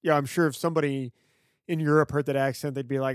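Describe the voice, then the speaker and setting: A man with a somewhat high voice co-hosts a movie podcast in a loose, conversational way. He fills his speech with ums and restarts. The sound is close and dry. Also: fast, dry recording. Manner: relaxed, chatty, frequent fillers. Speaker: podcast co-host. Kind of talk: casual film discussion.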